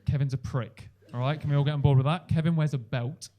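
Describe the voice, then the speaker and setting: A young male comedian works a club stage through a handheld mic. His voice sits a touch high, and he keeps it lively, jumping into loud, high-pitched impressions of the people in his stories. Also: fast. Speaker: stand-up comedian. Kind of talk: stand-up comedy set.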